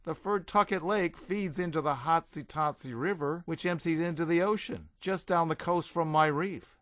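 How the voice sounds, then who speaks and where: Voicing a confident, teasing mermaid woman who speaks matter-of-factly, a man pitches his natural voice a little above his own, landing slightly high. He talks at normal speed, and the recording is dry with a clean studio sound.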